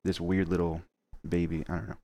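A man co-hosting a film podcast, opinionated and excitable, sometimes swearing. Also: low-pitched, a little fast. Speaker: podcast co-host. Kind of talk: casual chat.

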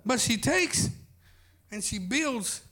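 A man's voice: very high voice, expressive, takes it slowly, pushed and bright, slight background noise. A man preaching a sermon, telling a folksy story as pastor.

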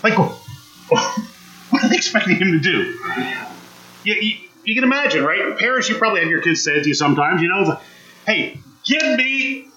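A man's voice: sits high, expressive, a little fast, pauses often, sharp tone, reverberant, poor audio. A man preaching a conversational sermon, acting out quotes and asking the congregation questions. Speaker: pastor.

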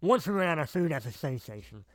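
A man co-hosting a podcast speaks in a slightly higher voice. He is laid-back and often trails off into fillers as he thinks aloud. The recording is dry, with no room echo. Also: sing-song, fast talker. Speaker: podcast co-host. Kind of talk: casual chat.

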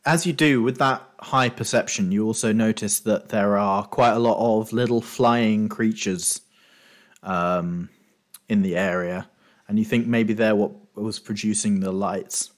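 A man running a tabletop game as game master, narrating scenes with frequent ums and pauses. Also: on the low side. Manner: hesitant, lots of ums while describing.

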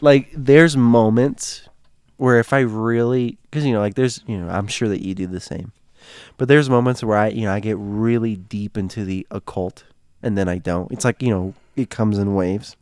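A young man telling a spooky story in casual chat, animated and laughing, acting out quotes with fillers. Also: fairly low pitch, moderate pace, smooth, no room sound, studio quality.

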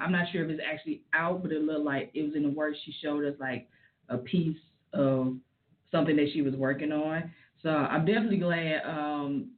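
A woman giving casual celebrity gossip commentary, chatty and opinionated with frank asides. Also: lowish voice. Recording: tinny phone-like audio.

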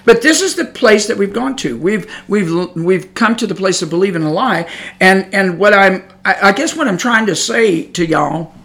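A man's voice: high-pitched, lively intonation, moderate pace, vocal fry. A middle-aged man giving an emphatic religious podcast monologue, repeating himself and growing heated. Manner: emphatic, repetitive, grows heated and loud. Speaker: podcast host.

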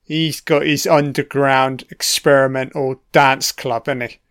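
A man's voice: mid-range voice, fairly even intonation, measured pace, fairly bright tone, smooth, dry recording, studio quality. A man giving a casual, laid-back film commentary, swearing often and talking back to the characters on screen.

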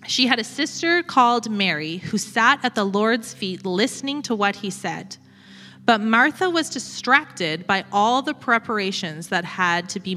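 A woman reading a Bible passage aloud in a church at a measured, steady pace. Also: fairly high pitch. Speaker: church member reading scripture. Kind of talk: scripture reading. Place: church auditorium. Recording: long reverb of a church hall.

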